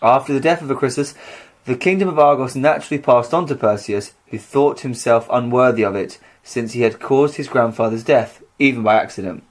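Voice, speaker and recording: A man's voice: mid-range voice, brisk. Man with dry wisecracks. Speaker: podcast co-host. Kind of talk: casual comedic myth chat.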